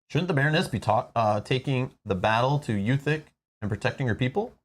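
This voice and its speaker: A man's voice: mid-range voice, lively intonation, brisk, hardly any pauses. A man hosting a casual board game playthrough, chatty with self-deprecating asides. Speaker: host.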